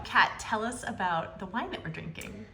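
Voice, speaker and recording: A woman's voice: mid-range voice, normal speed, roomy sound, slight background noise, poor audio. Bubbly young woman vlogging at a winery. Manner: bubbly, gushing, chatty with many "like"s. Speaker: travel vlogger. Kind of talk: casual vlog chat. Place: winery tasting room.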